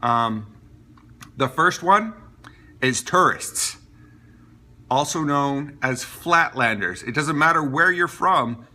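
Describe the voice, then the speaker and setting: Bright-voiced rambling man from Maine. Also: fairly high pitch, expressive, slow, pauses often. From Maine, USA. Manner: rambling, many fillers and restarts. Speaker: vlogger. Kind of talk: casual chat to camera.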